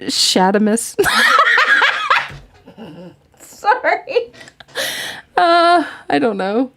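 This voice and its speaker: A woman's voice: high voice, huge pitch swings, very slow, bright, forceful tone, dry recording, raised voice. A woman hosting a podcast in casual chat, giggling often and rambling as she talks. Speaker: podcast host.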